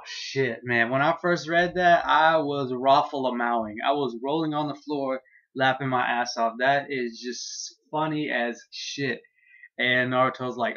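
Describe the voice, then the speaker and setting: A man talks through a manga chapter in a loose, excitable way. He swears freely and laughs at the funny bits, at a middling pitch. The recording sounds dull and lo-fi. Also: a little slow. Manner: excitable, profane, laughing, retells scenes loosely. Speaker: manga reviewer. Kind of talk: casual manga chapter review.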